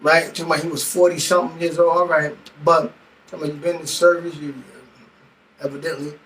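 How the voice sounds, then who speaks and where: A man's voice: fairly high pitch, little pitch movement, fast talker, a bit bright, recorded from a distance, a little hiss or hum, poor audio. A middle-aged man venting heatedly, telling a story with lots of profanity and acting out both sides of an argument. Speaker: vlogger. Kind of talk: venting monologue.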